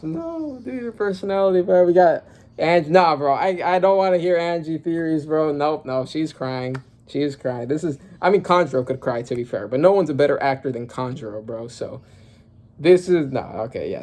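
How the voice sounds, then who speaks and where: Young dude reacting to a comic, hyped and slangy, lots of ums and bros, mellow warm voice. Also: male voice, medium pitch, moderate pace. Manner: excitable, slangy, thinks aloud with many fillers. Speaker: manga reaction creator. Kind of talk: casual reaction while reading a comic aloud.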